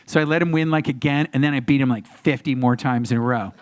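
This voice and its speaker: A man in his sixties telling stories as a panel guest, animated and acting out the other voices in them. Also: medium pitch, fast. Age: 60s. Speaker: actor guest on a convention panel. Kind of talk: anecdotal Q&A storytelling. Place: convention panel room.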